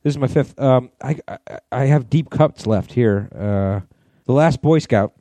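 Laid-back man with a mellow voice. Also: medium pitch, measured pace, dry recording. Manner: loose, rambling, laughs easily. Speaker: podcast co-host. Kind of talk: casual chat.

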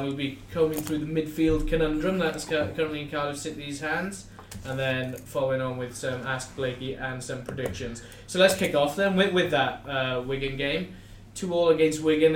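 A man with a slightly raised pitch hosts a football podcast in a brisk, upbeat manner. The room is echoey, with faint noise in the background. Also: fairly even intonation. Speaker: podcast host. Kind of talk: casual podcast hosting.

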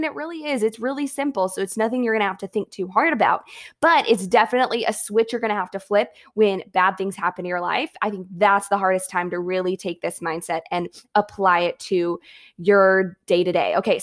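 A woman's voice: medium pitch, fairly quick. Chatty upbeat young woman vlogger. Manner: upbeat, chatty, lots of "like" and "okay". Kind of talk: casual motivational talk to camera.

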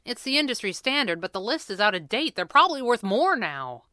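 A woman's voice: a little high, big pitch swings, fairly quick, sharp tone, dry recording, clean studio sound. A woman reading a storybook, voicing an indignant young man who protests and sulks. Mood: explaining. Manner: protesting, sulky.

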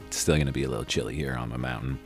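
A man's voice: extremely low pitch, very animated, racing, gravelly, faint music behind. A middle-aged man hosting a motivational podcast, talking in an earnest, conversational way with emphatic repetition and the odd swear word. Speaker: podcast host and life coach. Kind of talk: casual motivational monologue.

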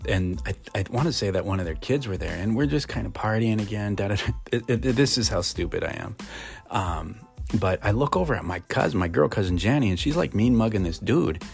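A man's voice: low voice, creaky. A middle-aged man from Montana telling a rambling story casually, full of fillers and restarts.

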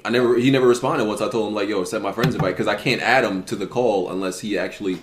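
A man's voice: on the low side, steady tone, quick pace, echoey room, noisy background. A man hosting a podcast in casual banter, reading listener questions in a laid-back, insistent way.

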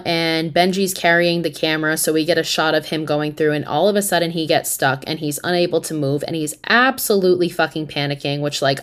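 Low-voiced woman recapping a horror film. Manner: animated, profane, slangy storytelling. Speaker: podcast host. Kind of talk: casual movie recap.

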